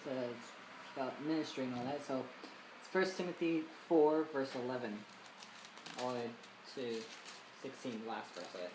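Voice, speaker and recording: Low-voiced woman reading scripture, echoey. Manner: steady, measured reading with small slips. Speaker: podcast guest reading scripture. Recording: roomy room with steady noise.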